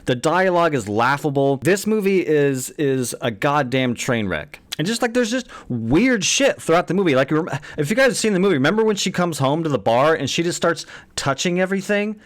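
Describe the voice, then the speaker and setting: A man in his thirties talks through a movie review in a relaxed, casual way, his voice sitting a little higher than most men's. He is blunt and swears freely, often throwing out exasperated rhetorical questions about what he watched. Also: brisk, hardly any pauses.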